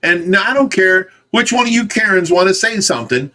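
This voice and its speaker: This is a man with a fairly high voice, hosting a relaxed livestream from a fish rescue. He talks plainly and insistently and keeps circling back to the same firm point. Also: moderate pace. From United States. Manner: emphatic, insistent, repeats himself. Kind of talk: casual livestream chat.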